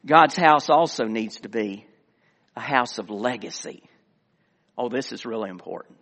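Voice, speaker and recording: A middle-aged man, a former pastor, preaching a sermon with earnest emphasis that swells and then drops to quiet asides. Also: medium pitch, lively intonation, unhurried, long pauses. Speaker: director of missions, former pastor. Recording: long hall reverb.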